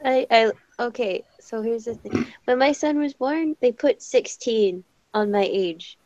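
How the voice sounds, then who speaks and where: A woman's voice: a little high, a little slow, darkish tone, dry recording, muffled recording. A woman of twenty in a casual podcast chat, chatty and self-deprecating, swearing casually.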